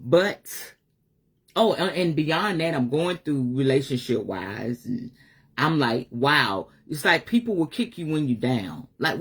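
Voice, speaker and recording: A woman with an extremely low-pitched, breathy voice speaks heartfelt and unscripted on a live stream as a spiritual life coach. In this emotional, casual monologue she sounds weary at times and laughs at others, swearing freely.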